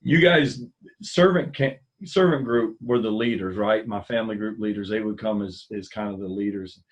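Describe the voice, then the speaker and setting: Animated middle-aged man telling stories. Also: lowish voice, moderate pace, dull audio. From US mainland. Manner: animated storyteller who acts out quoted dialogue with a lifted voice. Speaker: former school ministry coordinator, interview guest. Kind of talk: casual storytelling interview.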